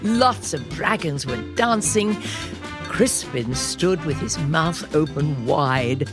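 A woman host reading a children's storybook aloud, gentle and lively in pitch. Her voice is slightly low and unhurried, with a music bed playing underneath.

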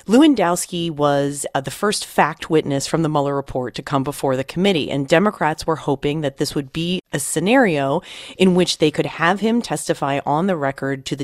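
A woman's voice: low voice, no echo, clean studio sound. A woman congressional reporter explaining politics fluently and in detail on a podcast. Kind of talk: analytical podcast discussion.

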